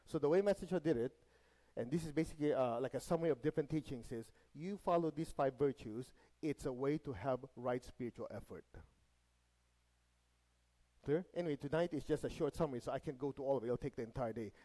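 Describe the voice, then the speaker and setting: A man's voice: mid-range voice, fast talker, mellow, low-quality recording. A man teaching a spiritual lesson to a live group. He often checks in with the audience, has them repeat phrases after him, and slips in light jokes. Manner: light joking asides. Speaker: meditation teacher.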